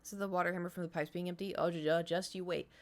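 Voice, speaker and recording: A woman's voice: lowish voice, fairly even intonation, quick pace. A woman streamer tells rambling stories to her viewers. She acts out noises and drops into whispers for emphasis, and her voice sounds a little worn. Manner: chatty storytelling with sound effects and whispered swearing. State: voice slightly strained. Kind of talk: casual chat to a live stream audience.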